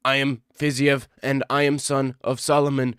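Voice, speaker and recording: A man playing a nervous, boastful male fighter who introduces himself slowly and grandly. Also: mid-range voice, level tone, fairly bright tone, smooth, dry recording, clean studio sound, lightly acted.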